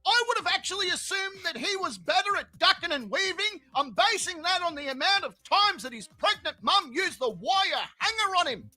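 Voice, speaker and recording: A man's voice: very high voice, animated, normal speed, hardly any pauses, sharp tone, faint music behind. A man hosting a comedy show, telling crude, profane, rambling stories. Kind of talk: crude comic monologue.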